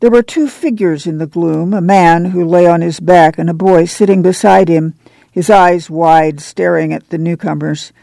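Woman narrator, gravelly voice, dry close sound, audiobook. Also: fairly low pitch, fairly even intonation, normal speed, dark tone, no echo.

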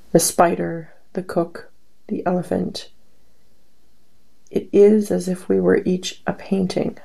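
A woman reading her poems aloud in a slow, measured recitation with pauses between lines. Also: on the low side, vocal fry, dark tone, low-quality recording. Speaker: poetry reader.

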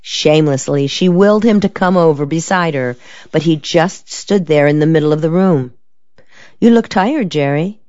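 A woman narrating a novel in a measured, steady storytelling manner. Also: low-pitched, dry recording. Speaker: audiobook narrator. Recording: dull, lo-fi dry recording.

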